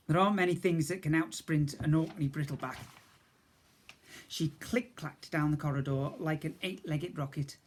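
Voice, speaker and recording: A man, a teacher, reading a storybook aloud to young children, stopping to ask questions and explain words. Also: on the high side.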